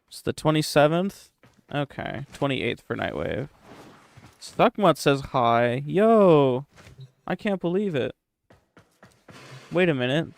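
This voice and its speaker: A man's voice: medium pitch, gravelly, smooth. A young man streaming a game live, joking and swearing as he chats with his viewers at a desk microphone. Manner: profane, joking, talks to chat. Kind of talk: casual live-stream chat.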